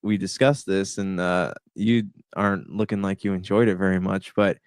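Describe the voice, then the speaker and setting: A man's voice: deep voice, fairly even intonation, normal speed, no room sound, clean studio sound. A man co-hosting a podcast, talking casually about movies in a laid-back, hesitant way. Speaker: podcast co-host. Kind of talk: casual movie review chat.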